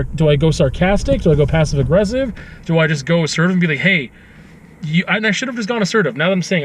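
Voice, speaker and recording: A man vlogging casually, rambling with lots of fillers as he rants in exasperation. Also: on the high side. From Canada. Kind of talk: casual ranting vlog. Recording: outdoor street noise behind.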